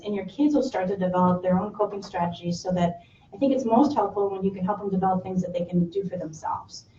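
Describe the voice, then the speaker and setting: A woman's voice: medium pitch, warm tone, slight background noise. A middle-aged woman leading a parenting workshop, talking conversationally to a class of parents. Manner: conversational, with brief acted parent and child quotes. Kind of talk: casual talk to a class of parents. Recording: roomy, distant, muffled room recording.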